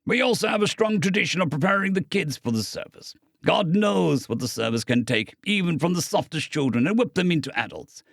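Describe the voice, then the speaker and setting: A man voicing a steady, patient father. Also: a little high, moderate pace, dry recording, clean studio sound, voice pushed up. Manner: patient, explaining. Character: steady, patient older father, proud and sturdy.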